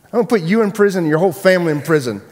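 A shrill, grasping man who was just let off a fortune now jabs at another man over pocket change, his voice pitched sharply up and crowing. A man puts him on in a sermon. The words carry a long echoing tail from a big hall. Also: lively intonation, very fast, darkish tone. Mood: threatening. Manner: shrill, gloating and threatening. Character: ungrateful forgiven debtor man turned harsh creditor. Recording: long echoey hall reverb.

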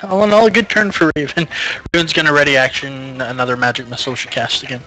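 A man's voice: mid-range voice, steady tone, quick pace, bright, forceful tone, soft background music, low-quality recording. A man playing a tabletop game, joking and laughing often in casual table chat. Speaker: player.

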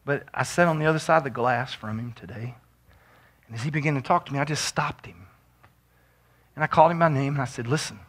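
Bright-voiced preaching pastor, a man. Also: medium pitch, fast talker, pauses often. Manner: builds from quiet storytelling to shouted preaching. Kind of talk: sermon.

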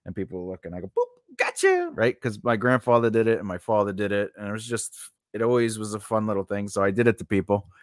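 A man's voice: fairly low pitch, steady tone, fast talker, dry recording, studio quality. A man teaching writing in a casual lesson, rambling through tangents with many fillers and restarts. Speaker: writing podcast host.

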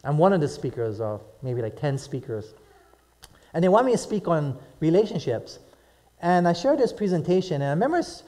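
Male pastor, middle-aged, live sermon, animated stories, slightly high voice, calls for amens. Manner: animated storytelling with frequent "right?" and "amen?".

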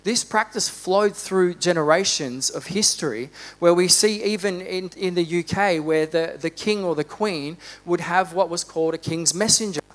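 A man preaching a sermon in a church, fervent, rising to loud exhortation and dropping to quiet reflection. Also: high voice, normal speed, few pauses. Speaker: pastor.

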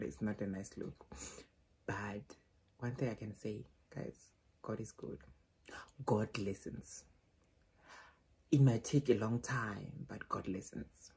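A woman's voice: very deep voice, dark tone, a little hiss or hum. A young woman from South Africa chatting casually to her viewers while unboxing something, calling them guys and darlings, recorded on a phone at home. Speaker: vlogger. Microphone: phone camera.

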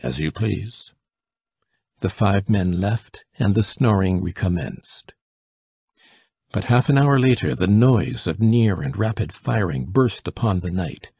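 A man narrating a classic short story as an audiobook reader, steady and measured, with a gravelly, husky voice. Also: low voice, no echo. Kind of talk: scripted narration.

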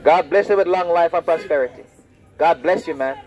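A man preaching loudly and confrontationally on the street, repeating his lines. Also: a little high, a little fast, muffled recording. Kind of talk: open-air street preaching. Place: outdoors on a street.

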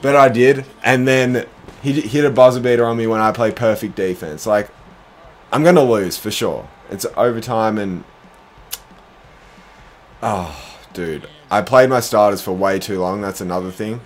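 A young man streaming a basketball video game, commenting live, groaning at his own mistakes and bursting into shouts. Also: fairly low pitch, normal speed, slight background noise. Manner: excitable, groaning, self-deprecating, bursts into shouts. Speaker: gaming streamer.

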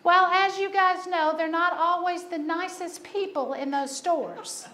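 Woman pastor, very high voice, sermon, storytelling, laughs at herself, faint hiss behind. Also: unhurried, bright, forceful tone.

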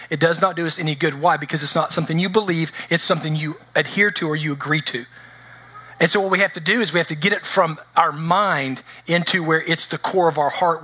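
Bright-voiced man preaching a sermon. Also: a little high. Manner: conversational preaching, checks in with the congregation. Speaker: pastor. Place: church.

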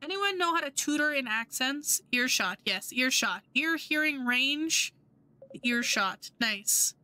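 A woman's voice: high-pitched, expressive, slow pace, bright, forceful tone, smooth. A woman streamer chatting casually and self-mockingly over a game she plays. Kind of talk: casual let's-play commentary.

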